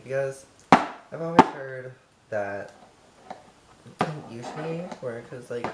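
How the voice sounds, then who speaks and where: A man's voice: mid-range voice, animated, slow pace, pauses often. Sassy, profane teenage guy vlogging. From Montana, USA. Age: teens. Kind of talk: casual baking vlog. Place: home kitchen. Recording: echoey room with background noise.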